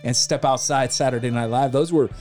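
A man's voice: medium pitch, fairly even intonation, a little fast, a little mellow. Forties guy hosting a podcast, chill and jokey, kinda buzzed, faint music in the back. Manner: loose, joking, reminiscing, slightly tipsy. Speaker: podcast host. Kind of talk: casual podcast chat.

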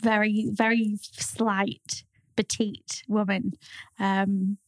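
A woman's voice: medium pitch, flat delivery, drawn-out words, no room sound. A woman in her thirties with a Liverpool accent, co-hosting a casual podcast, chatty and laughing often, swearing freely as she tells stories. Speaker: podcast co-host. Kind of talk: casual chat.

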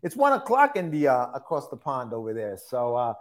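A man's voice: mid-range voice, wildly swooping pitch, fairly quick. A man co-hosting a podcast, talking in a laid-back, joking way. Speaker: podcast co-host. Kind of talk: casual chat.

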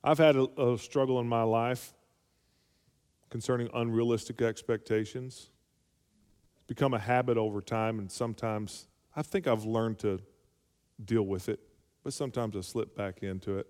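A man's voice: medium pitch, fairly even intonation, moderate pace, darkish tone. A male pastor preaching a sermon, calling for amens and rising to emphatic peaks. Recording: long hall reverb.

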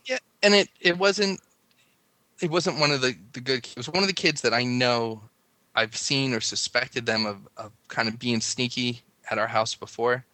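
A man's voice: mid-range voice, normal speed, bright, forceful tone, no room sound. A man casually telling a long story, rambling and breaking off mid-sentence with lots of "like". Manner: rambling, self-interrupting, lots of "like".

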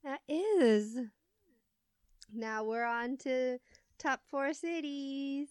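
A woman's voice: high voice, drawn-out words, dry recording, studio quality. A woman co-hosting a podcast in casual chat, adding wry, teasing comments. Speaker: podcast co-host.

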